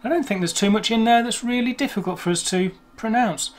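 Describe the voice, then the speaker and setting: English man, lightly raised voice, casual teacher, sounds out words slowly, self-mocking asides. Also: high-pitched. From England. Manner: chatty, self-deprecating, slows to sound out words. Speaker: language teacher. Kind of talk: casual explanatory lesson.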